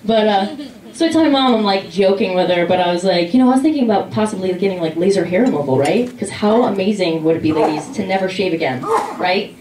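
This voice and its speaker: A young woman doing a stand-up comedy set on a club stage, telling animated stories and acting out her mother and father. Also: medium pitch, quick pace, background noise. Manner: animated storytelling, voices her mother and dad. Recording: roomy club sound from a distant mic.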